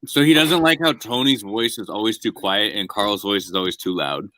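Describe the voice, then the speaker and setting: A man's voice: lowish voice, moderate pace, bright, forceful tone, dry recording, poor audio. A man chatting casually on a gaming talk show, jokey and talking between bites. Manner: chatty, jokey, talks while eating. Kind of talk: casual chat.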